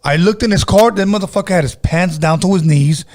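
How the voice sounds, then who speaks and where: A man in his fifties hosts a casual podcast, telling crude stories and acting out the people in them. His voice sits high and is a little mellow, and he talks fairly quickly.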